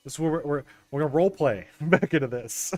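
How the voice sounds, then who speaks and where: An excitable young man streams a baseball game and talks straight to his chat, stumbling through quick restarts. His voice sits somewhat high, recorded close and dry. Soft game music plays underneath. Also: no echo. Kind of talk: casual gameplay commentary talking to chat.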